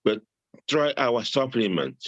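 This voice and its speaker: A man's voice: mid-range voice, sing-song, measured pace, a bit bright, no echo, muffled recording. An older man chatting as a guest, repeating words often and chuckling jovially about supplements. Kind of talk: casual interview talk.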